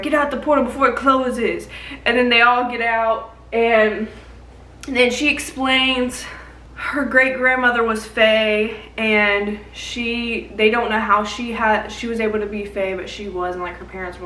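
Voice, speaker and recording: Young woman vlogging a book recap, bright voice, kinda far from the mic in an echoey room, swears a ton. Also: on the high side, slight background noise. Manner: rambling, swears a lot, lots of "like".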